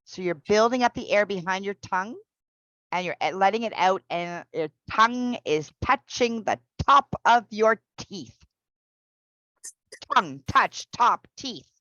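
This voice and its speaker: A woman teaching an English pronunciation class online. She explains patiently and repeats each example slowly. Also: medium pitch, fairly bright tone, no room sound, lo-fi sound.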